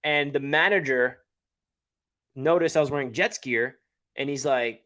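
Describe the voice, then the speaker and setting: A man's voice: mid-range voice, a little slow, sharp tone. A man with a New York area accent hosting a casual live stream, chatting and answering viewer comments as he reads them. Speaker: livestream host.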